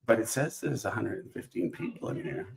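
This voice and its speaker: A man's voice: on the low side, animated, a little fast, vocal fry. A man hosting a casual live stream while opening trading cards, rambling with lots of fillers and restarts. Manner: rambling, filler-heavy, self-interrupting.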